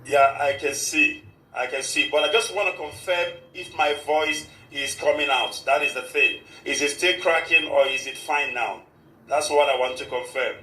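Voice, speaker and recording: A man's voice: fairly high pitch, normal speed, pushed and bright, roomy sound, poor audio. A man hosting a live radio show in a formal, repetitive manner, with a short prayer. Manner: formal, repeats "of course" often. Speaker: radio host.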